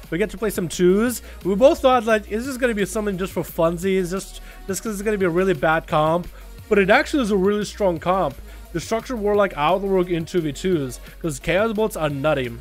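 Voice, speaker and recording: A man from Russia chatting casually on a game livestream, excitable and swearing, swinging from quiet mumbles to loud bursts. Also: high voice, brisk, faint music behind. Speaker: game streamer. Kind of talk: casual gaming livestream chat.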